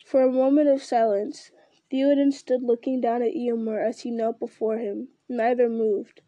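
Read-aloud narrator, female, steady and earnest, slightly higher voice. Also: moderate pace, no room sound, highs cut off. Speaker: reader.

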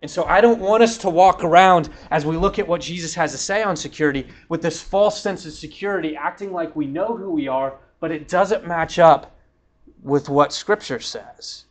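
A man's voice: fairly high pitch, normal speed. Man preaching a casual, rambling sermon. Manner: conversational, rambling with many fillers and restarts. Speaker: pastor. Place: church hall.

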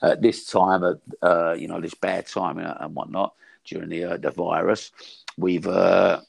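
Older guy, gravelly low voice, rambly and jokey, dry sound. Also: little pitch movement, measured pace, no room sound. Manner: rambling, chatty, restarts and fillers, jokey. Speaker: boxing coach. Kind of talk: casual podcast chat.

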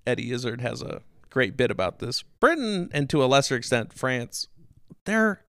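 A man's voice: mid-range voice, big pitch swings, moderate pace, creaky, a bit bright, no echo, studio quality. A man hosting a podcast, telling history casually and animatedly, with swearing and silly quoted voices. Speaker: podcast host.

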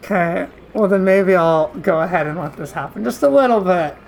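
A woman's voice: on the low side, moderate pace, vocal fry, a little mellow, a little hiss or hum. A woman playing a tabletop game, playful and often laughing. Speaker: player.

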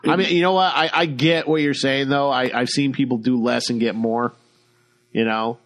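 A man's voice: mid-range voice, steady tone, moderate pace, fairly bright tone. A man co-hosting a podcast, rambling and hesitant as he plays devil's advocate. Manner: rambling, hesitant, argues the other side. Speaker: podcast co-host. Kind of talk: casual podcast banter.

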